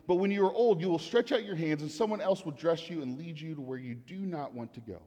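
Pastor guy preaching, earnest, says things over and over, kinda high voice, big hall reverb. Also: quick pace, dark tone. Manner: earnest, repeats phrases for emphasis. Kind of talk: sermon.

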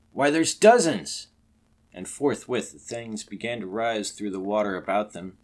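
A man with a fairly low voice reads a classic adventure tale aloud. His delivery is measured and dramatic, shaping each sentence of the narration with care. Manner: measured, dramatic reading with acted outbursts for the characters. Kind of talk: scripted narration of a classic story.

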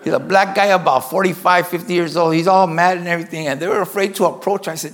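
A pastor tells a story from the pulpit in a somewhat high, gravelly voice. He is animated and acts out each scene as he goes. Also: fast, hardly any pauses. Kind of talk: sermon storytelling.

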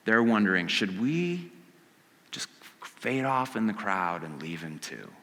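Guy preaching a sermon, chatty, goes quiet then loud, bright voice, big echoey church. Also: on the low side, big pitch swings, unhurried. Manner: conversational preaching, acts out quotes, builds from hushed to loud. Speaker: pastor. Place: church sanctuary.

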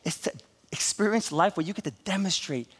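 A pastor in his forties preaching a sermon, telling stories with animated, laughing asides. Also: high-pitched, fairly quick, slightly rough.

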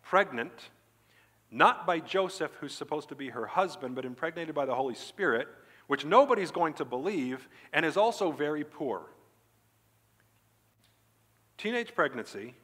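A male pastor giving a Sunday sermon, preaching emphatically and breaking into animated, excited stretches. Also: a little high, a little slow, long pauses, breathy edge. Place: church sanctuary. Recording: church hall reverb.

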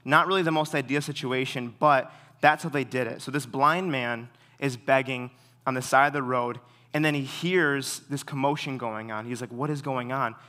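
A young man giving a sermon in a relaxed way, full of fillers, telling stories with animation. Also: mid-range voice, normal speed. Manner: relaxed, filler-heavy storytelling; animated when retelling stories. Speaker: preacher. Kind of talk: casual sermon.

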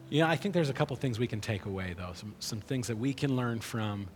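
Speaking fast with few pauses, this male pastor delivers a sermon in a mid-range voice over soft background music. His manner is conversational, and he frequently tosses in "right?" asides. A long reverb from the hall surrounds the sound.

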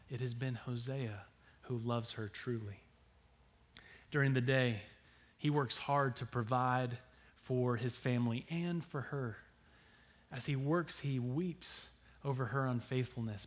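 Male preacher, mid-pitched voice; sermon delivery that drops to near-whispers and rises to loud, emphatic scripture reading.

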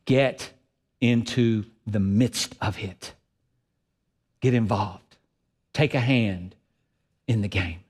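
A man's voice: on the low side, slow pace, long pauses, a little mellow, breathy edge. A man preaching a sermon as pastor, earnest and emphatic, repeating phrases for effect. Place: church sanctuary. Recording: long hall reverb.

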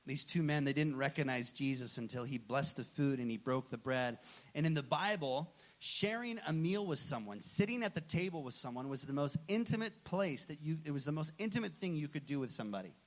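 Pastor in his thirties, male, slightly raised pitch, preaching with animated, story-driven delivery. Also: a little fast. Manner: animated storytelling, acting out dialogue. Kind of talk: sermon.

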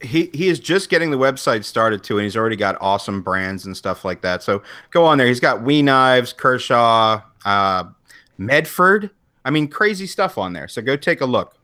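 A man's voice: medium pitch, sing-song, moderate pace, pushed and bright. Easygoing male podcast co-host. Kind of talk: casual podcast chat. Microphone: handheld USB microphone.

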